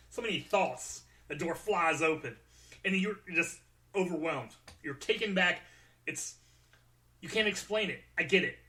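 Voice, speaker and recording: A podcast host delivers a personal monologue, talking candidly about his feelings and joking at his own expense while close to tears. His voice is high, pushed and bright.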